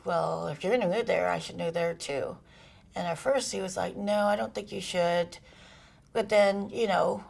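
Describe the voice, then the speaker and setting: A middle-aged woman as an interview guest, telling a personal story candidly, with pauses, fillers and soft laughs. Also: fairly low pitch, gravelly.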